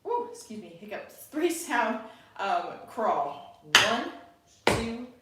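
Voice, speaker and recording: A woman's voice: medium pitch, big pitch swings, takes it slowly, very noisy. A woman teaching an online tap dance class from home, chatty, counting beats aloud and often checking in with her students. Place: home room by a window, birds outside. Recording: echoey room, distant mic, loud tapping. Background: tap sounds and birdsong.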